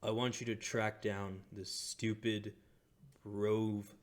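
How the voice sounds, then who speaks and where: A man as a game master doing a proud, vengeful male crime boss in a tabletop game. He speaks in a deep, level voice, calm and measured, with threat simmering underneath. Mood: scheming. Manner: calm and measured, flaring into booming rage.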